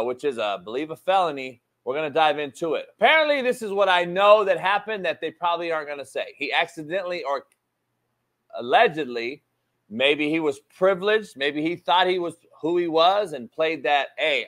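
A man hosting a live sports talk show, talking in an animated, emphatic way, swearing casually and hammering key points through repetition. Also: a little high.

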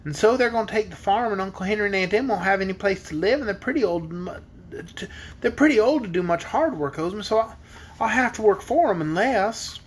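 A man's voice: high-pitched, lively intonation, a little fast, husky, voice pushed up. A man reading a storybook aloud, voicing an earnest young farm girl who talks in plain homespun words. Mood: worried.

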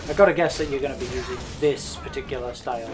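A man's voice: medium pitch, quick pace, music in the background. A man co-commentating a video game casually, teasing his partner and reading out text from the screen. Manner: teasing, reads out on-screen text, jokes along. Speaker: let's play co-host.

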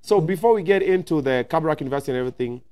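A man's voice: fairly high pitch, expressive, rapid-fire, darkish tone, smooth. A man hosting a casual talk show interview, playful and teasing, switching between English and Swahili. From Nigeria.

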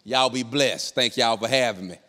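Animated storytelling man, long reverb. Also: medium pitch, moderate pace. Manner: animated, acts out voices in his story. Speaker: comedian. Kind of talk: storytelling stand-up comedy.

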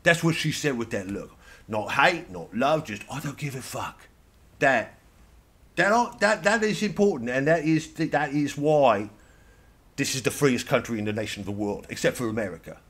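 A man's voice: mid-range voice, expressive, moderate pace, a bit bright. A man playing a sweary ranting Irish guest. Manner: sweary rambling rant. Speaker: comedian. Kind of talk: satirical character monologue.

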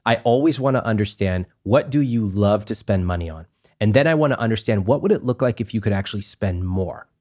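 A man in a podcast interview, talking emphatically and acting out little exchanges, his voice climbing high when he stresses a point. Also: expressive, fairly quick, darkish tone. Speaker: guest, personal finance author.

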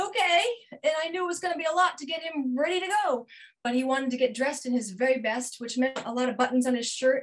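A middle-aged woman telling a personal story over a video call, acting out dialogue with big jumps in pitch and sinking to a hush at tender moments. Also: rough recording. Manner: drops to a hushed near-whisper at tender moments. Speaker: featured storyteller.

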